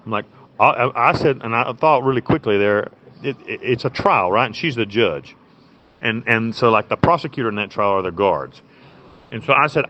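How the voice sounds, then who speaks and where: This interview guest is a U.S. prison inmate on a cell phone inside his cell, spinning loose conversational stories bluntly and with plenty of swearing and false starts. He speaks on the low side, expressively and fairly fast, and the phone line sounds muffled and lo-fi with a little background noise.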